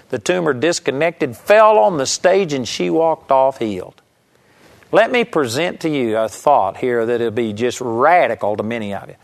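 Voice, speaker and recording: A male preacher delivering a sermon in a slightly higher-than-usual voice. He tells stories with strong emphasis, surging loud at key moments and falling to a near hush for his main points. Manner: storytelling, emphatic, swings from loud to hushed.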